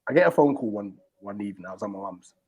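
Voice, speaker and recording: A man telling a long personal story in casual chat, animated and full of slang and fillers. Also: fairly low pitch, racing, slightly rough, highs cut off. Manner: animated, acts out quoted people in a raised voice. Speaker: stream host.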